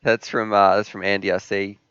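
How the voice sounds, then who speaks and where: Male host, 30s, animated rambling storyteller, smooth clear voice. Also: on the low side, brisk, dry recording, muffled recording. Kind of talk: live stream Q&A chat.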